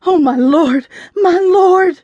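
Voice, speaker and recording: A woman's voice: very high voice, slow, dark tone, no echo, dull audio, pitched above the performer's own voice. A woman voicing a big, frantic mother who wails, pleads and prays in a storybook reading. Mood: wailing. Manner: wailing, pleading, praying.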